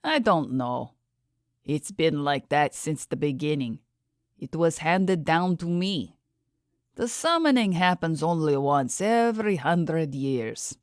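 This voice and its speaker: A woman voicing a gentle, weary old man, a dying tribal leader, speaking weakly and solemnly in an audiobook. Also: sits low, lively intonation, slow, no echo, studio quality. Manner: weak, tender, solemn.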